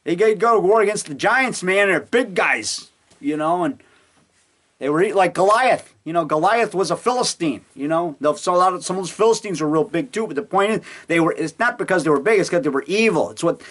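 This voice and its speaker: A man's voice: sits high, animated, a little fast, fairly bright tone. A middle-aged man talking casually at home, telling stories with lots of chuckles and acted-out quotes. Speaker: amateur filmmaker. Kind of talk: casual rambling monologue. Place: home basement.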